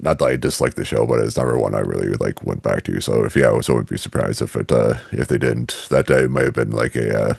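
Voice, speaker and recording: Very deep gravelly man, rambling chat. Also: a little mellow, dry recording, studio quality. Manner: rambling, halting, many restarts and swearing. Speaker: podcast co-host. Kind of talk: casual chat.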